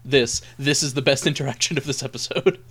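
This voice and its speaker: A man's voice: mid-range voice, fairly quick, a bit bright, husky. A man co-hosting a casual anime podcast, wry and rambling, with lots of "like" fillers. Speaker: podcast co-host. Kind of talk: casual chat about anime.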